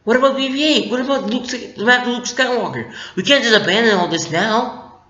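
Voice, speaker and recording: Guy doing a high squeaky young woman, pleading, roomy lo-fi sound. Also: brisk, sharp tone. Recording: echoey room, dull lo-fi mic.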